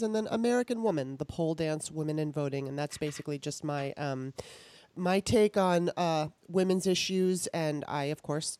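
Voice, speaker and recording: A woman's voice: sits low, darkish tone, no room sound. A woman hosting a casual political talk show, chatty and laughing often, with many fillers. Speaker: podcast host.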